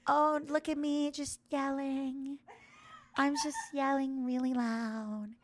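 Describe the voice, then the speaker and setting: A woman imitating her timid young female friend who giggles and claims to be yelling while speaking softly. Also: high voice, level tone, slow pace, voice pushed up. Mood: giggly. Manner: giggly, mock-loud but quiet.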